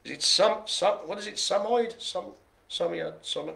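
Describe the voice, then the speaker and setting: A man's voice: high voice, moderate pace, vocal fry, a crowd in the background. A man hosting a live bingo game, cracking puns, laughing often and rambling in chatty asides. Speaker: bingo host. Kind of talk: live-streamed bingo calling.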